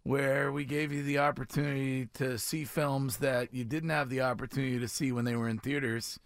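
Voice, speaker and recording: Over a studio mic, a man hosts casual morning radio, trading playful, teasing banter and laughing often. He has a medium-pitched, gravelly voice, speaking a little fast with a flat delivery.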